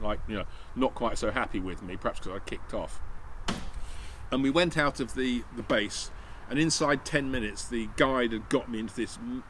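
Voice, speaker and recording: This man speaks at a medium pitch with a slightly bright tone, casually spinning a long hunting story as a channel host, wandering off track, restarting, and voicing the other people in it. There's slight background noise on a rough recording.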